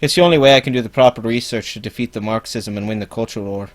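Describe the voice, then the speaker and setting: A man's voice: medium pitch, fast talker, natural voice. A man doing a parody impression of a smug, preachy male online commentator who keeps begging for donations. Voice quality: pompous, preachy. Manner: self-promoting, repeats donation pleas.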